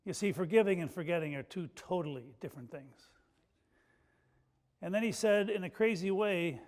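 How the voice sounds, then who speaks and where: A male pastor delivering a sermon with folksy, self-deprecating storytelling, dropping soft and slow at emotional moments. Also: sits high.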